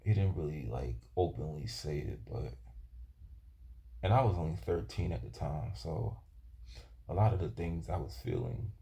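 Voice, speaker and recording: A man telling a personal story from his youth in a halting, rambling way, often restarting his sentences. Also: rumbling low, sing-song, vocal fry, dark tone. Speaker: vlogger.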